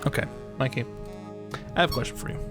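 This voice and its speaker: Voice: fast, over music. An American streamer joking sarcastically and reading game text aloud during a let's play.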